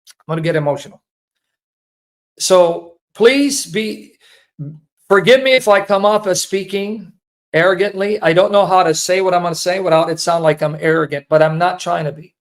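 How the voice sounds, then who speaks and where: A man's voice: high-pitched, fairly even intonation, normal speed. A man giving an earnest, emotional personal testimony, often repeating himself. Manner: earnest, repetitive, pleading. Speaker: apologetics speaker.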